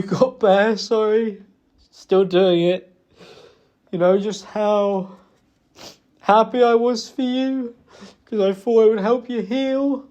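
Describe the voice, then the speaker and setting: In dull audio, a young man's high, darkish voice delivers a remorseful, halting apology to his partner in private. Fillers trip him up and he swears along the way.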